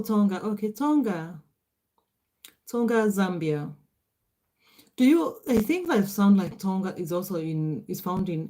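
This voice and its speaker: In a mellow, mid-range voice, a woman hosts a casual livestream. She's middle-aged and Kenyan, Swahili her first language, and she chats, laughs often and replies aloud to viewer comments.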